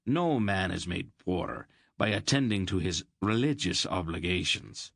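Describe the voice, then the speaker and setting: A man's voice: low voice, lively intonation, unhurried, creaky, fairly bright tone, no room sound, studio quality, heavily acted. A man voicing a stubborn, pious farmer who speaks with formal, old-fashioned courtesy in an audiobook. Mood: firm.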